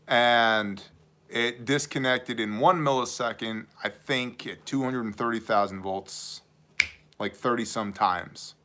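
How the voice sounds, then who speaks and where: A man's voice: fairly low pitch, bright, forceful tone. A man from New York hosting a casual livestream, joking and rambling through stories while answering chat questions. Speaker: livestream host.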